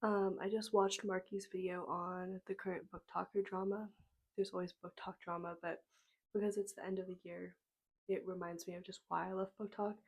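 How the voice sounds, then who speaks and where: Hoarse young woman, flat soft chat. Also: fairly low pitch, moderate pace. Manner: relaxed, frequent ums, soft-spoken. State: hoarse from a cold. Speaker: book vlogger. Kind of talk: casual talking-to-camera vlog. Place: home room with books behind. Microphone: small clip-on mic.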